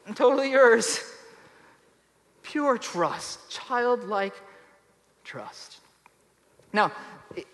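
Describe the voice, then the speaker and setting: Man, pastor, sermon, high voice, emphatic, loud-to-soft swings, long hall reverb.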